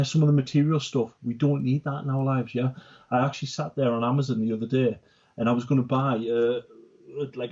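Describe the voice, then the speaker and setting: A man's voice: mid-range voice, mellow, slightly rough, dull audio. A man co-hosting a casual business chat, talkative, tagging his sentences with "right?" and "yeah?". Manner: chatty, repeats "right?" and "yeah?". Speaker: company director, co-host.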